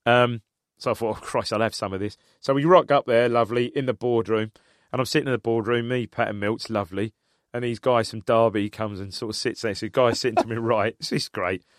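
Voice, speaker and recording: A man's voice: medium pitch, steady tone, brisk, no echo. Man from England, co-host, loose rambling storyteller, dry close sound. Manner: rambling storyteller, laughs often. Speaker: podcast co-host. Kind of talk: casual football chat.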